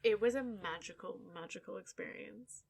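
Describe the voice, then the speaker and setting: A woman's voice: medium pitch, moderate pace, creaky, slightly rough. An Australian woman co-hosting a podcast, chatting casually with blunt, sweary exclamations. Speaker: podcast co-host.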